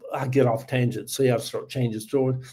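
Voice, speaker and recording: Folksy older Southern man, mellow voice. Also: medium pitch, steady tone, brisk, slightly rough. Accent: Southern US (Georgia). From Georgia, US. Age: 70s. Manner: rambling, folksy, thanks viewers, trails off with many uhs. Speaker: livestream host. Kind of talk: casual livestream chat.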